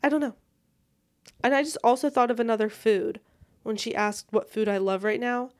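A woman's voice: a little high, fairly quick, clean tone. A young woman hosting a solo podcast, chatting in a bubbly, rambling and casual way while lying in bed at home. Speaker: podcast host.

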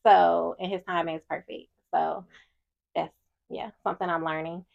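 A woman's voice: lowish voice, fairly even intonation, moderate pace, gravelly, phone-quality sound. A woman co-hosting a casual faith-based podcast with her husband, speaking in a reflective, open way and laughing easily. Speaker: podcast co-host, wife.

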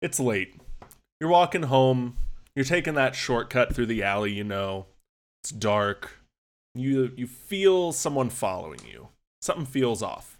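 A man co-hosting a podcast, setting a scene in second person with measured, storytelling delivery. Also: medium pitch. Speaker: podcast co-host. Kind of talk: casual chat, storytelling.

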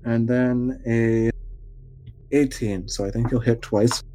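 An easygoing man narrates a tabletop game as its game master. His voice sits in an ordinary middle pitch. He laughs often and hands out rulings casually. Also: steady tone, takes it slowly, mellow, slight background noise.

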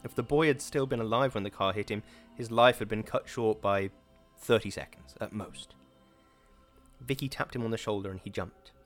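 A man narrating an audiobook in a measured, dramatic reading. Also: fairly low pitch, soft background music. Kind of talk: scripted narration.

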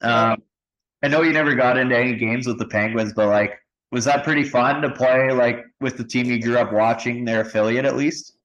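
A man hosts a casual podcast chat, relaxed and easygoing. He keeps the talk moving by prompting his guest with questions, in a voice of ordinary male pitch. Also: fairly quick, lo-fi sound. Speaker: podcast host.

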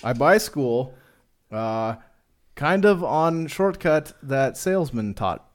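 A man voicing a confused male coworker who speaks halting broken English and hums and pauses before each answer. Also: medium pitch, expressive. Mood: befuddled. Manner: halting, hesitant, with long humming pauses.

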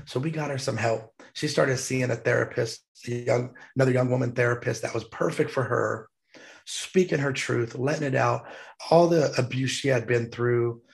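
Gravelly male veteran guest sharing a moving story with emphasis; deep rasp throughout. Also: normal speed. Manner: heartfelt, emphatic, choked up at times. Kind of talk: emotional storytelling.

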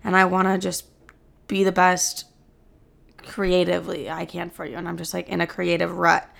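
A woman's voice: fairly low pitch, level tone, normal speed, a bit bright. A young woman in her twenties hosting a casual solo podcast, candid and self-deprecating, swearing freely. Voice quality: gravelly vocal fry. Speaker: podcast host. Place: New York City.

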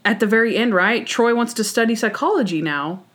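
A woman's voice: fairly high pitch, brisk, a bit bright. A woman co-hosting a podcast, recapping a TV episode in casual chat and acting out scenes with quoted voices and sound effects. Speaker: podcast co-host.

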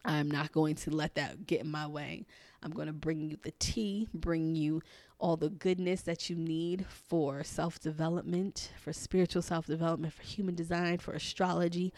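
A woman with a raspy, hoarse voice, hosting a casual solo podcast in a chatty, encouraging way. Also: deep voice, darkish tone, no echo. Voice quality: raspy, losing her voice. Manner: chatty, encouraging, many ums and you-knows. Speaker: podcast host and life coach.

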